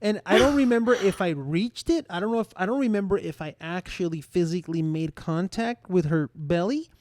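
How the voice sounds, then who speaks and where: A young man in his twenties co-hosting a podcast, telling an embarrassing story in a rambling, animated way full of fillers and restarts. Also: sits high, fairly quick, no echo. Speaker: podcast co-host. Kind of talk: casual storytelling.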